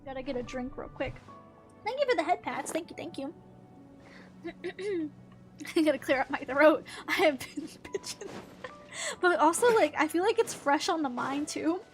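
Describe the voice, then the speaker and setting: A young woman chats while she plays a game on stream, her voice pitched high and bright. She rambles from thought to thought, giggling and dropping casual swears. Soft game music sits faintly behind her. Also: lively intonation, moderate pace, long pauses. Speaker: gaming streamer. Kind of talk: casual chat while gaming.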